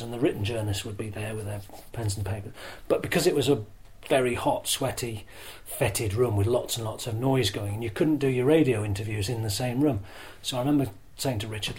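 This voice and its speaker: Older man telling lively anecdotes. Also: mid-range voice, fast, few pauses, poor audio. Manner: lively storyteller who acts out crowd shouts; self-deprecating and chatty, with restarts. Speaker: interview guest, former rugby broadcaster. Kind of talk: anecdotal interview storytelling.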